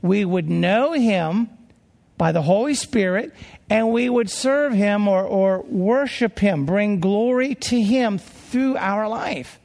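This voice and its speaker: A man preaching a sermon as a pastor, in an earnest, slow delivery full of rhetorical questions. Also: high voice, gravelly, a little mellow. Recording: long hall reverb.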